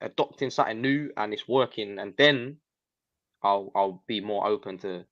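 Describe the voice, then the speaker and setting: A man's voice: fairly low pitch, moderate pace, a bit bright, dry recording. A man in a casual football fan debate, laid-back and slang-heavy. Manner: laid-back, slang-heavy, "you know what I'm saying". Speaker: football fan show co-host. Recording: slightly dull, dry call audio.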